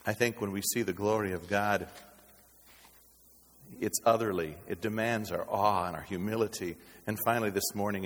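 A man preaching a sermon as pastor, with dynamic delivery that swings from loud exclamations to hushed low tones. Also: slightly rough. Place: church sanctuary. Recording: reverberant hall.

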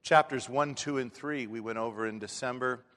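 A man's voice: mid-range voice, normal speed, fairly bright tone. A man preaching a sermon as a pastor in a church, talking in a folksy, conversational way with frequent restarts. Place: church sanctuary. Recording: long hall reverb.

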